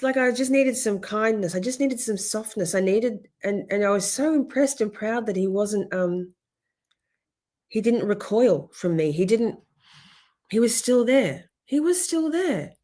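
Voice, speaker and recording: A young adult woman speaks at a medium pitch during a livestream, venting about a personal matter in an emotional way. Her talk wanders and she keeps interrupting herself, cursing often and pausing to thank people in chat.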